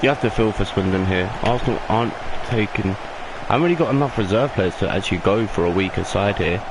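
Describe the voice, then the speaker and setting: A young gaming YouTuber does fast, mock football commentary over his own video game match. His lowish voice climbs with excitement at big moments, and the casual play-by-play is recorded at home with plain background noise.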